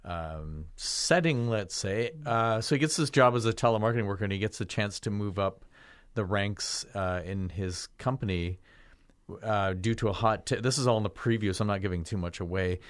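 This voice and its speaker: In this casual film-review chat, a man with a lowish voice talks at a moderate pace, with no room sound. The podcast co-host rambles about the movie he picked, full of fillers and false starts.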